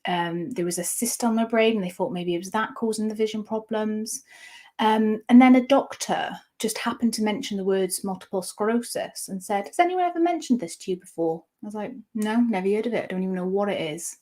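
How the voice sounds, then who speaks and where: A woman in her thirties, an interview guest candidly telling a personal story, halting with frequent restarts. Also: medium pitch, mellow.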